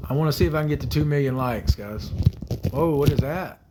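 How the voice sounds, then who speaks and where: A man in his thirties hosting a phone livestream, answering viewer comments in a hesitant, soft-spoken way with many fillers and quiet trailing murmurs. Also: fairly high pitch, a little fast, very noisy. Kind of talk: casual livestream chat.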